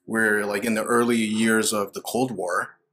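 A man's voice: on the low side, fairly even intonation, a little slow, a bit bright, a little hiss or hum. A man in casual podcast chat, swearing often and getting riled up.

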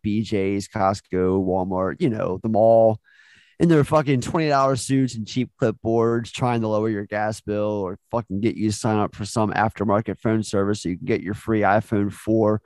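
A man's voice: lowish voice, darkish tone, dry recording. A man hosting a casual movie podcast, joking and swearing freely as he runs the segments. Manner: profane, joking, leads the segments. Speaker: podcast host.

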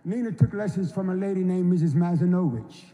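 A man in his seventies from North Carolina, giving an unhurried, folksy storytelling speech at an induction ceremony. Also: high voice, mellow, muffled recording. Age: 70s. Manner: unhurried, folksy, acts out quoted voices. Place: large hall. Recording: long reverb of a large hall.

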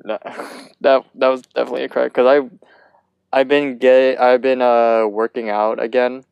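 A young man co-hosting a podcast, chatting in an easygoing, halting way with many restarts. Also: medium pitch, level tone, vocal fry, darkish tone, clear, resonant tone, no echo, dull audio. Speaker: podcast co-host. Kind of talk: casual episode recap chat.

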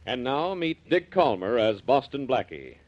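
A male radio announcer introducing a 1940s drama in a stately, booming manner. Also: big pitch swings, a little slow, lo-fi sound. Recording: old radio broadcast with loud organ.

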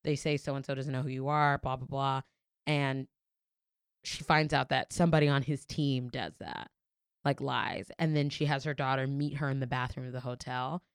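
Young woman chatting, animated storyteller, super smooth voice, dead dry room. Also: extremely low pitch, normal speed, no room sound. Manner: candid, swears freely, animated storytelling. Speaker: podcast co-host. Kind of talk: casual chat.

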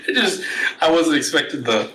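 A man's voice: fairly high pitch, lively intonation, normal speed, a bit bright, low-quality recording. A man co-hosting a podcast in laid-back, casual chat, often hesitant with fillers. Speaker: podcast co-host.

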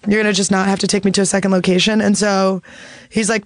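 A woman's voice: medium pitch, flat delivery, fast. A woman comedian telling a long story in casual podcast chat, rambling and swearing, full of "like.". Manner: rambling, profane, filled with "like". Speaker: comedian guest.

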